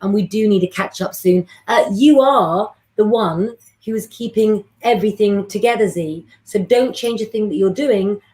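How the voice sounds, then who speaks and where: A woman's voice: medium pitch, moderate pace, hardly any pauses. A woman, hosting a live astrology stream and chatting with viewers in a rambling way. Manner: warm, chatty, rambling, gives readings to viewers by name.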